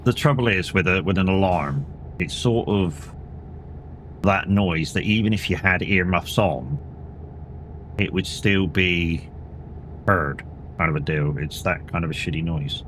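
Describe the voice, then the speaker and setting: A man's voice: low-pitched, measured pace, long pauses, a bit bright, slight background noise. A tired man streaming a game, chatting casually in a rambling way and swearing now and then. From England. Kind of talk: casual live-stream chat while playing.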